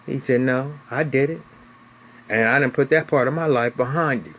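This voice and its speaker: Man, TV recap reviewer, casual and profane, animated storytelling, quotes characters in voice. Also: medium pitch, moderate pace, slight background noise.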